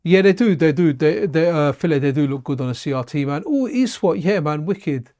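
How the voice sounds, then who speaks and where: A man's voice: on the high side, lively intonation, a little fast, warm tone, dry recording, clean studio sound. A tired man chatting loosely while he plays old console games on a live stream, rambling and repeating himself. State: tired, yawning. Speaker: streamer playing retro games. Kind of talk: casual live-stream commentary.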